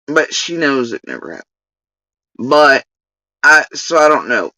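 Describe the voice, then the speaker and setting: A woman's voice: very deep voice, sing-song, measured pace, sharp tone, no room sound, distant mic, low-quality recording. Heated, swearing woman ranting on stream. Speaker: livestreamer. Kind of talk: livestream rant.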